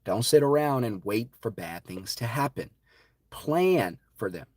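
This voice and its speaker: A man's voice: mid-range voice, expressive, unhurried, no echo, clean studio sound. Fervent, preachy man on a live stream. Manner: preachy and dramatic, swinging from loud to hushed. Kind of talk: impassioned live-stream talk.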